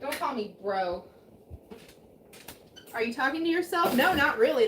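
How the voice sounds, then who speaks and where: There's a slight hiss or hum under this woman's medium-pitched voice as she vlogs casually from her kitchen. She rambles, swears, and leans on fillers, her voice changed by a throat injury.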